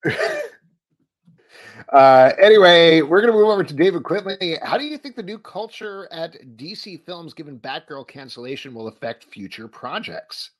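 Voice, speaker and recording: A man's voice: a little high, lively intonation, moderate pace. A man hosting a casual live-streamed talk show, playful and teasing, reading out viewer questions. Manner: playful, teasing, laughs easily.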